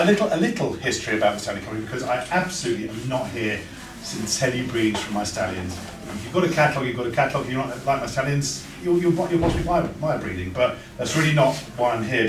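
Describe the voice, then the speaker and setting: A man giving an informal, anecdotal talk to an audience, with frequent restarts. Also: medium pitch. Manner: chatty, anecdotal, with stammered restarts. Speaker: speaker at a breeders' talk. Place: event room with an audience. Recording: echoey room, mic far off, background noise.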